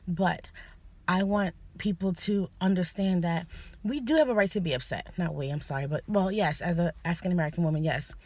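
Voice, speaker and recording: A woman's voice: fairly low pitch, fairly quick, darkish tone, dry recording. A young woman talking earnestly to camera in a personal vlog, hesitant, often restarting and apologizing. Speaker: vlogger. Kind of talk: personal opinion monologue.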